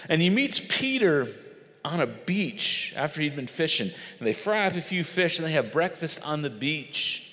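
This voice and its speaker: A male pastor preaching an animated storytelling sermon, emphatic and dramatic. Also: a little high, normal speed, in a large hall. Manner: animated, emphatic, acts out quotes.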